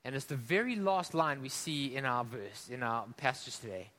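A male preacher from Africa delivering a sermon, impassioned, swinging between loud emphasis and hushed drops and asking the congregation questions. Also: medium pitch, lively intonation, normal speed, in a large hall.

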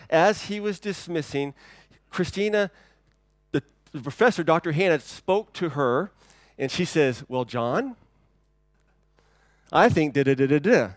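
Male pastor preaching a sermon, conversational, shifts from loud emphasis to near-whispers; a bit high-pitched, dry sound. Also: no echo. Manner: conversational and dynamic, swinging from loud to hushed.

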